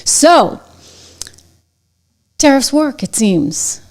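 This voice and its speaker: A middle-aged woman hosting her own show, delivering brisk, sarcastic, conversational commentary on the news. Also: high voice, sing-song. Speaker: show host. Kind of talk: opinionated commentary.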